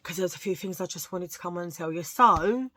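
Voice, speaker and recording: A chatty woman with a Cockney accent tells jokey stories in a low-pitched voice, wandering off into asides. She talks casually to her viewers from home. The sound is dry and close, with no room echo. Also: a little fast, bright, forceful tone. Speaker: vlogger. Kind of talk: casual chat. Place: at home, sitting under a lamp.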